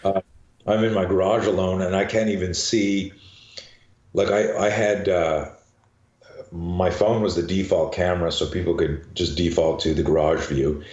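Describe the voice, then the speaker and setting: Brief: older male coach guest, very low voice, chatty with many restarts, echoey dull recording. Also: fairly even intonation, normal speed, a little mellow. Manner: chatty, repeats words while thinking. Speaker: guest, self-defense coach. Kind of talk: casual interview. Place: garage.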